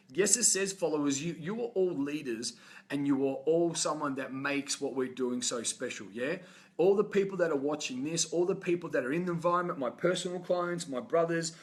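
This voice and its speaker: A man giving a fervent, profane motivational talk on a live stream from a hotel room. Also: on the high side. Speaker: motivational coach. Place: hotel, indoors.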